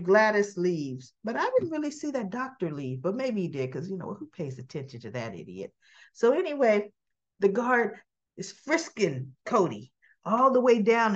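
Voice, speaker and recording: In a muffled recording, a woman with a mid-range voice gives a chatty, casual rundown of a soap opera episode. She frequently laughs as she talks, performing the characters' lines along the way.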